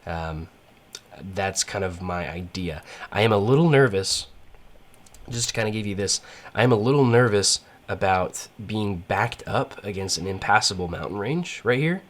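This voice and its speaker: A man's voice: on the low side, animated, moderate pace. A man giving rambling, casual gameplay commentary, full of fillers and restarts. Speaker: gaming channel host.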